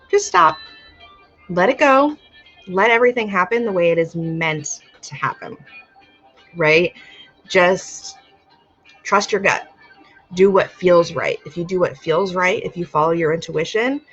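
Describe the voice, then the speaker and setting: A woman with a low, gravelly voice gives a live-stream oracle card reading, calling viewers my dear and my love. She sounds stuffy from allergies. The audio is dull and lo-fi, with faint music underneath. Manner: warm-hearted, calls viewers my dear and my love. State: itchy eyes and sneezing from allergies. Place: home, live video stream.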